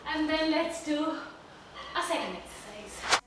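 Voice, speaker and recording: A fitness instructor with an Indian English accent coaches a home workout while exercising, out of breath as she talks through each move. Her high-pitched, expressive voice comes at normal speed with music in the background. She's recorded from far off in a very echoey room at home.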